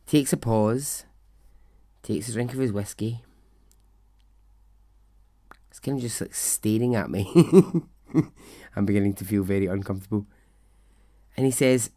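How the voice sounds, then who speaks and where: In this storytelling monologue, a podcast host meanders conversationally through a story, wandering into self-deprecating asides and then getting back on course. His voice sits somewhat low with a dark tone, unhurried and full of long pauses.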